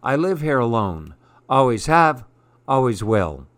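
A grumpy, solitary storybook man, gruff and insistent, as a man reading aloud voices him. He talks slowly and firmly, in a dry, close sound with no room echo. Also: medium pitch, big pitch swings, a bit bright. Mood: stubborn. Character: grumpy solitary man guarding his hill.

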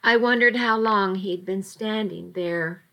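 A woman's voice: medium pitch, a little slow, muffled recording. A woman narrating a first-person story with dramatic, emotional delivery.

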